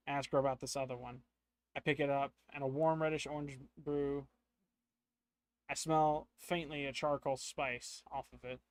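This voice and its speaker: A man narrating a solo tabletop game, thinking aloud with hesitations and filler words. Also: a little high.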